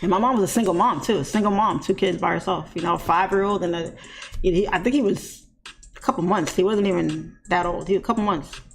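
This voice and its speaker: Laughing, animated woman streamer. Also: fairly low pitch, brisk, gravelly, a little hiss or hum. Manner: animated, laughs often, mimics shrieking voices. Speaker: trading live-streamer. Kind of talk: casual storytelling to a live chat.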